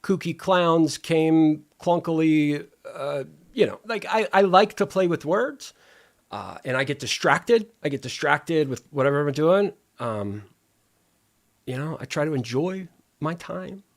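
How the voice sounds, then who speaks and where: A man with a gravelly, slightly high voice that rises and falls a great deal. He rambles in casual stream talk, restarting sentences and enjoying wordplay. His delivery is loose and animated. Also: measured pace. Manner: rambling, wordplay-loving, self-interrupting. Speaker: live streamer.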